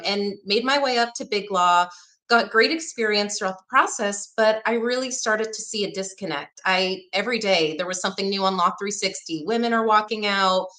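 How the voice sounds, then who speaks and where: A woman lawyer gives a summit talk with a bright, forceful voice. Her delivery is direct and energetic. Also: medium pitch, normal speed. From Texas, USA. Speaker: lawyer, speaker.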